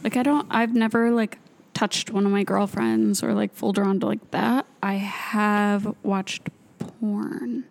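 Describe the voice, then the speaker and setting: A woman's voice: mid-range voice, steady tone, takes it slowly, gravelly, a little mellow, slight background noise. A young woman guest on a comedy podcast, hesitant and giggly, full of "like". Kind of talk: casual chat.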